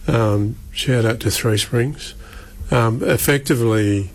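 A man, a radio guest speaking earnestly and haltingly with many restarts. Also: mid-range voice. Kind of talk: radio interview.

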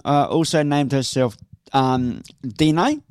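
A man's voice: medium pitch, takes it slowly, darkish tone, smooth, no echo, studio quality. A man hosting a casual radio chat, talkative, with many fillers and frequent laughs. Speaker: radio host. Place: teaching in New York City.

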